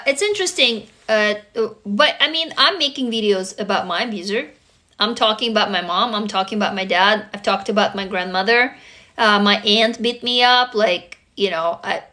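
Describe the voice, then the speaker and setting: Blunt, forceful woman hosting a livestream. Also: a little high. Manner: blunt and profane, emphatic. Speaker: livestream host answering viewers. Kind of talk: casual livestream chat.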